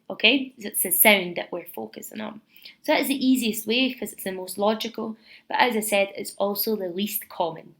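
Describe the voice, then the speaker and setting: A woman's voice: on the high side, rough recording. A woman from Scotland with a Scottish accent, hosting a podcast lesson and patiently explaining pronunciation step by step with spoken examples. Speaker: English teacher and podcast host.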